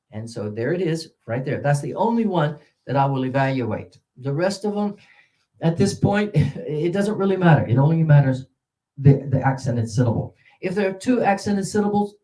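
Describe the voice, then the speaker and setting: A man leads a workshop for English teachers on stressed syllables, and his voice sits at an ordinary middle pitch. His talk stops and starts, with frequent uh fillers and restarted phrases. He swoops his pitch up sharply when he models a stressed word. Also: warm tone. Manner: halting, with many uh fillers and restarts.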